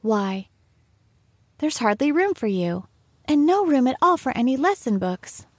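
Woman doing a fretful young girl for a storybook, pitched up, chatty, dry read. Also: big pitch swings, unhurried, slightly rough, dry recording, exaggerated voice. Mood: musing. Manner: chatters to herself, scolds herself. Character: curious, talkative young girl, fretful and earnest.

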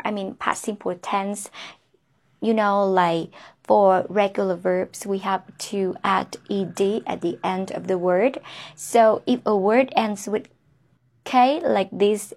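Very slow-paced woman teaching pronunciation. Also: mid-range voice. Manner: repeats each word slowly, with tag questions like "huh?". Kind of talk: slow, deliberate pronunciation lesson.

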